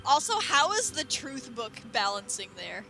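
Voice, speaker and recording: A woman on a game stream, teasing her friends and quick to laugh, on a noisy mic with clicks. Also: high voice, big pitch swings. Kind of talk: casual gaming chat.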